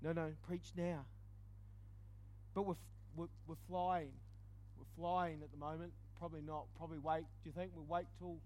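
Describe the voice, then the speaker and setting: A man preaching, telling a personal testimony in an animated storytelling way with quick dips into quiet asides. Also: fairly high pitch, slight background noise. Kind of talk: testimony sermon.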